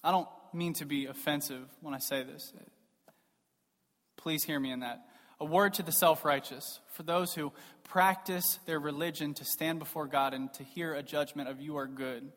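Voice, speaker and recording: A man's voice: on the high side, steady tone, moderate pace. Emphatic preacher man, reverberant hall. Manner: emphatic, rhetorical, shifting between loud stress and soft asides. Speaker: pastor. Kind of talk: sermon. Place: church sanctuary. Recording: long reverb of a large hall.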